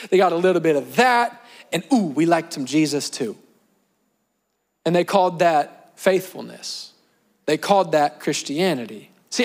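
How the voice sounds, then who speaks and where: A young adult man preaching a sermon, talking in a conversational way with emphatic repeated phrases. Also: high voice. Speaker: pastor.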